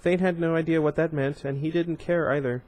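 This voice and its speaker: Casting: relaxed man reading a novel aloud, stumbles and corrects himself, chatty asides. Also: fairly high pitch, brisk. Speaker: book reader.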